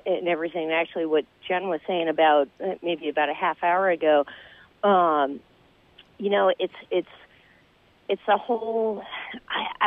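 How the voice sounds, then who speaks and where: Monotone male caller on a phone line. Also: high-pitched, no echo. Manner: monotone, halting with many fillers. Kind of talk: casual chat.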